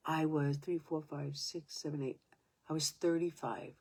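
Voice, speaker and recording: A woman in her seventies telling a personal story in a halting way, restarting sentences and sometimes dropping to a whisper. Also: sits low, steady tone, a little mellow, slightly rough. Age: 70s.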